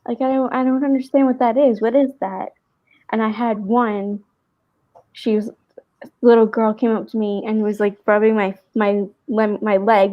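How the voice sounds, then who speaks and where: A woman with a fairly high voice tells a story in a loose, rambling way, full of fillers. She talks over a video call, and her audio comes through dull and lo-fi. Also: fairly even intonation, moderate pace. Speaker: guest co-host. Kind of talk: casual storytelling on a live stream.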